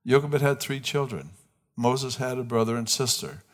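A man's voice: mid-range voice, expressive, moderate pace. A man preaching a sermon as pastor, talking conversationally, restarting phrases and putting questions to the congregation. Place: church.

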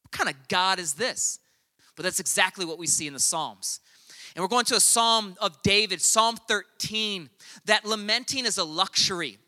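A man's voice: high voice, normal speed, sharp tone. A man preaching a sermon, reading scripture aloud and commenting on it.

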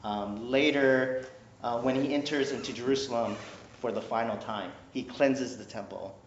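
At a normal speed and medium pitch, a man preaches animatedly, keeping his sermon conversational and playful with congregation jokes and a habit of saying "right?" There's a little hiss or hum on the dull, lo-fi recording, made in an echoey room.

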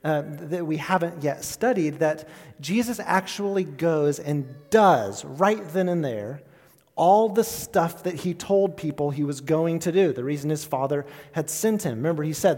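A man's voice: a little high, animated, unhurried, a little mellow. A man preaching in a conversational, lightly raised voice, throwing questions out to the congregation and restarting his phrases as he goes. His words ring out with a long reverb from a church hall. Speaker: pastor. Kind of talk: sermon.

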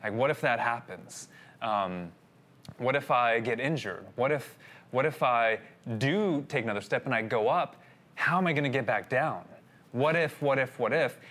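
A man's voice: medium pitch, fairly bright tone. A man telling a personal story in a sermon, talking casually and addressing his listeners as guys. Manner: conversational, addresses audience as guys. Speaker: pastor.

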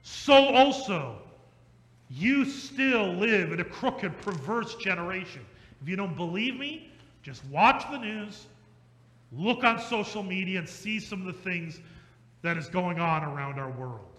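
Male pastor, sermon, high voice, emphatic repetition, echoey hall. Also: expressive, a bit bright. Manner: emphatic and repetitive, slows for stress, quickens in asides. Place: church sanctuary.

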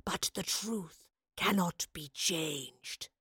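Rasping, ghostly time guardian. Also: female voice, on the low side, a bit bright, no echo, studio quality, full character voice. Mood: cold menacing. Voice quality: rasping, hollow whisper. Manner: slow, measured, menacing. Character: ancient hooded time guardian, cold and merciless. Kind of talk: audiobook narration.

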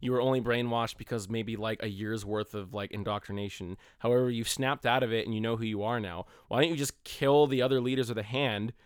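Man co-host, mid-pitch, smooth dry sound, blunt and ranting. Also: steady tone, a little fast, few pauses, dry recording. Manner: ranting and blunt, swears freely. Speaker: podcast co-host. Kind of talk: casual chat.

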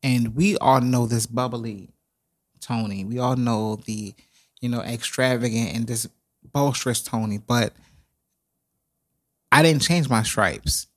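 A man co-hosting a podcast, talking in an animated, dramatic and emotional way, close to tears at times. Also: medium pitch, a little slow, long pauses. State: tearful. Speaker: podcast co-host. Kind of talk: casual podcast chat.

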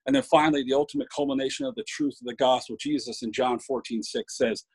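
A man's voice: medium pitch, quick pace, hardly any pauses, a little mellow, husky, no room sound, low-quality recording. A man giving an informal sermon, earnest and emphatic, often restarting words and building up to lists of points. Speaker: preacher.

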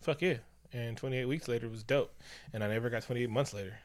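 A young man co-hosting a casual chat, animated and jokey, acting out characters as he recaps a movie. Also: fast talker. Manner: animated, jokey, acts out characters with big pitch jumps. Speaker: podcast co-host recapping a movie.

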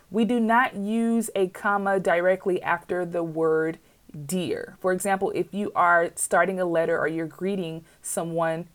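A woman giving a casual grammar lesson on commas, chatty, with playful asides and frequent checks that the viewer is following. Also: lowish voice. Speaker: writing teacher.

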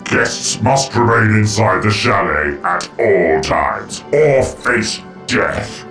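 A man putting on a gravelly, clipped robot enforcer. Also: lowish voice, slow, reverberant, music in the background. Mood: commanding. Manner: flat, clipped machine commands. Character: menacing robot security guard, male, cold.

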